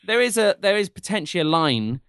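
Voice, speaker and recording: A man co-hosting a casual podcast, his fairly high voice swinging widely and bright in tone. He chats animatedly and likes to break into goofy impressions, recorded close and dry. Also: very animated, a little fast, clean tone, no echo. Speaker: podcast co-host. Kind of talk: casual chat.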